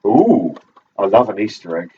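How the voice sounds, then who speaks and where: A man's voice: lowish voice, very animated, normal speed, mellow, lo-fi sound, slight background noise. A man co-hosting a live cabaret show, trading dry, sardonic, theatrical quips during a prize-giving. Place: live venue on stage.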